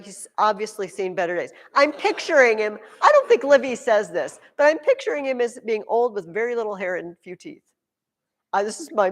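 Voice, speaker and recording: A woman teaching a junior high history class, telling stories in an animated way with playful asides. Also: long reverb tail. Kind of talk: classroom lecture.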